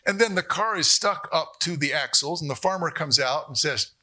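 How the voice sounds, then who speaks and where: Bright-voiced male economics lecturer. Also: fairly high pitch, moderate pace. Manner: animated, jokey asides and rhetorical questions. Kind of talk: university lecture. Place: lecture hall.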